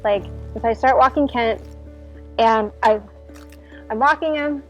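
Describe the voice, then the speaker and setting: Her voice fairly high and unhurried, a woman relates a personal story in a casual way, peppering it with "like" and performing her own past reactions. Faint music sits behind the dull, lo-fi sound.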